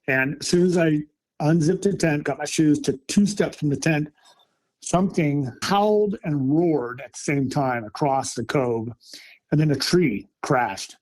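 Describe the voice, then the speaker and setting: Middle-aged male storyteller, mellow tone, slightly raised pitch, animated casual retelling. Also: a little slow. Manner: animated, excited retelling with acted quotes. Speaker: storyteller recounting a camping encounter.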